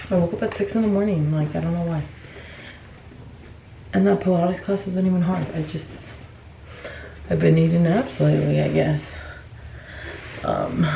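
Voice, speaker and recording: A woman's voice: low voice, creaky, warm tone, a little hiss or hum, low-quality recording. A woman in her thirties, a mother, chatting casually to camera in a vlog and sometimes a little out of breath. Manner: chatty, talks straight to camera. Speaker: vlogger.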